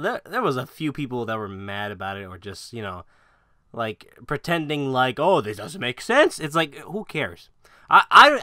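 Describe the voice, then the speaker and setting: A man's voice: mid-range voice, pushed and bright, dry recording, studio quality. A young man chatting casually about games and movies, rambling with lots of filler words, laughing and swearing. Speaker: channel host.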